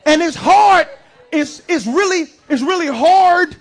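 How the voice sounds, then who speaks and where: Preacher, man, very high voice, comic sermon, shouts for emphasis. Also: a little slow, some chatter behind. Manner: lively, joking preacher with shouted bursts. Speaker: pastor. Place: church sanctuary.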